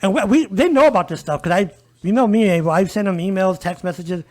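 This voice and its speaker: A man's voice: high voice, fast. A man speaking as a guest advocate in a conversational podcast interview, emphatic and often turning to listeners with "folks" and "okay?". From El Paso area, US.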